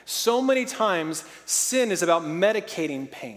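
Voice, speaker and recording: High-voiced preacher man in a reverberant hall. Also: measured pace, hardly any pauses. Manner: lively, storytelling with playful sound effects. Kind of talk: sermon.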